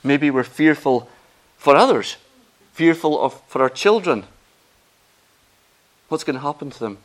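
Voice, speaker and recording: A man preaching a sermon, earnest and emphatic, rising in pitch and volume on key phrases. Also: animated, measured pace.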